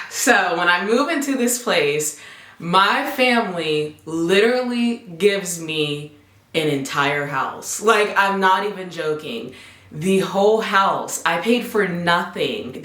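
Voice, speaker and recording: A young woman spins a casual storytime for her vlog, chatty and animated, slipping into the voices of people she quotes. Her voice sits a little low for a woman, and the room around her rings with echo. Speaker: vlogger. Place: home apartment. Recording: echoey room.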